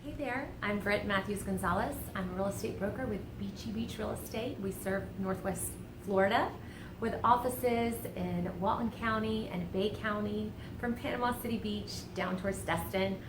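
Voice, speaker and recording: A woman making an upbeat, polished self-introduction as a real estate broker. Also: medium pitch. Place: beachfront condo. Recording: echoey room with background noise.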